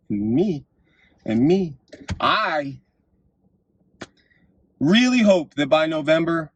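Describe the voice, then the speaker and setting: A man hosting his own vlog, delivering an impassioned political monologue and telling stories, his voice swinging up to shouts at the climaxes. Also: a little high, no room sound. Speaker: vlog host.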